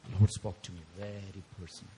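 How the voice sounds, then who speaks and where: A man's voice: low voice, level tone, fast, dark tone, slight background noise. A man preaching a sermon in a church, telling his story with emotion, laughs and sudden outbursts. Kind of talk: sermon at a prayer meeting.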